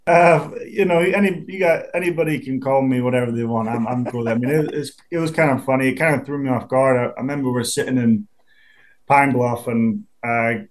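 A man in his twenties with a Scottish accent, a pro football punter chatting in an interview, relaxed and quick to laugh. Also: mid-range voice. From Scotland. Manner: laid-back, chatty, laughs easily, many restarts. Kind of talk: casual interview.

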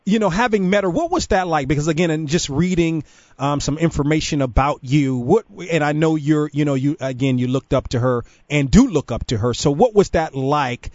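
A male sports radio host asks long, rambling questions, restarting mid-sentence. His voice sits a little high for a man, dry and slightly dull in tone. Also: fairly quick, darkish tone, no echo. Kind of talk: radio interview.

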